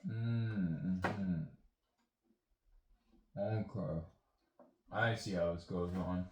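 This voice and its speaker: A man's voice: sits low, very slow. A young man talking to himself in a casual, rambling, self-deprecating way while he fixes an engine, moving near and away from the camera. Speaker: vlogger. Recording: echoey room with faint noise.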